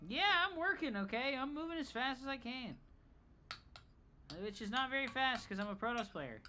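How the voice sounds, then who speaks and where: A woman streaming a game, chatting casually with viewers in an excitable, profane, joking manner. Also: high voice, moderate pace, a little hiss or hum. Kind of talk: casual live-stream chat.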